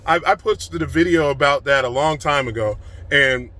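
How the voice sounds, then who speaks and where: A man giving an excited, emphatic motivational rant to his phone camera, recorded in a car. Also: fairly high pitch. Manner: excited, fast-flowing, emphatic. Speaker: vlogger.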